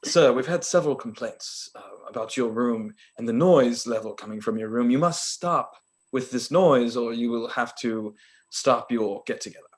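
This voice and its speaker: A stern hotel desk clerk, as a man puts him on, scolds in a formal tone through a clumsy fake accent. The voice sits near the man's own middle pitch and gets a little louder and higher as the clerk turns strict. It is a prank voice, with laughter just under the surface. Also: normal speed, lightly acted. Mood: stern scolding. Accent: awful put-on accent.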